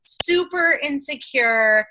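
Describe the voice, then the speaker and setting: A woman's voice: high-pitched, lively intonation, slow pace, pushed and bright, rough recording. A woman hosting a team video call in an upbeat, enthusiastic, chatty way.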